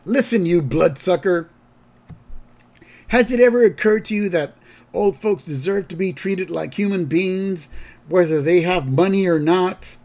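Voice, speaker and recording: A man voicing a cranky, grumbling old grandfather, pitched above his own voice. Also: big pitch swings, measured pace, warm tone. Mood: indignant.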